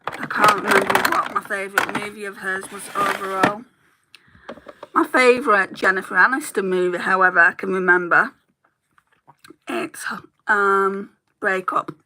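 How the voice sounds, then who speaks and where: A woman's voice: medium pitch, fairly even intonation, moderate pace, noisy background. A woman beauty YouTuber chatting casually while doing her makeup, rambling and laughing easily as she talks.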